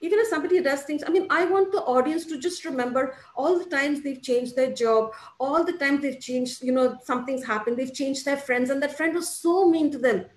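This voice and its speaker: A woman life coach telling stories in a casual interview, acting out quoted voices with lively expression. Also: sits high, fairly quick, hardly any pauses, echoey room. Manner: animated storytelling with quoted voices.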